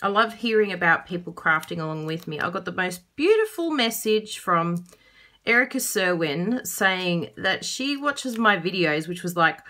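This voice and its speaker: A woman's voice: lowish voice, animated, normal speed, sharp tone. Chatty Australian woman demonstrating crafts. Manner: chatty, bubbly, laughs often. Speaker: card-making demonstrator. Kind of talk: casual craft tutorial.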